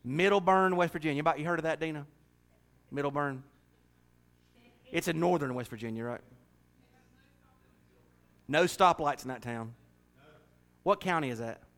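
A pastor talks to his church in a folksy, joking way, full of asides and small talk. His voice sits a little high for a man. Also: moderate pace, long pauses, fairly bright tone. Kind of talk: sermon with church announcements.

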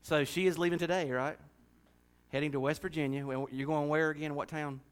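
Folksy pastor with a higher voice. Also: male voice, fairly even intonation, brisk, smooth. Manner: folksy, joking, chatty. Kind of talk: sermon with church announcements.

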